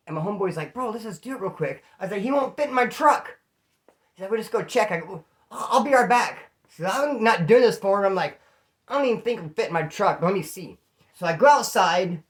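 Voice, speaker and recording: Male storyteller, casual and animated, jumps into the voices of people in his stories. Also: sits high. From California. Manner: animated, acts out quoted voices. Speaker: storyteller host.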